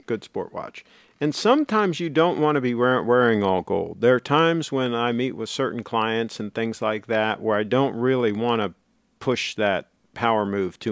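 A middle-aged man chats casually on a livestream, reading viewer comments and answering them as they come. His talk rambles and doubles back on itself, at a mid-range pitch, with a dry, close sound and no room echo. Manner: rambling, chatty, self-correcting.

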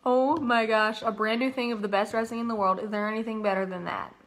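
A woman's voice: on the high side, steady tone, fast, slight background noise. A young woman livestreaming from her kitchen, chatting casually, reading comments and breaking into song. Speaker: livestream host, singer. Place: home kitchen.

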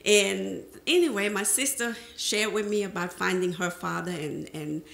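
In an echoing presentation room, a middle-aged panel speaker recounts her life to an audience, animatedly performing the conversations she remembers. She speaks at a normal pace in a mid-range voice touched with vocal fry.

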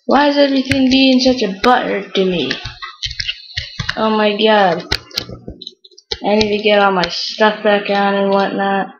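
A young woman giving excitable, frustrated Let's Play commentary while playing a game. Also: medium pitch, a little slow, long pauses, lo-fi sound, noisy background. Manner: excitable, exclaims often, frustrated outbursts. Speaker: gamer.

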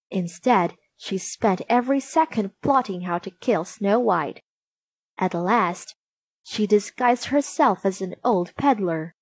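Slow, clear woman reading a storybook. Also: medium pitch, no room sound. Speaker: narrator. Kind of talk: storybook read-aloud.

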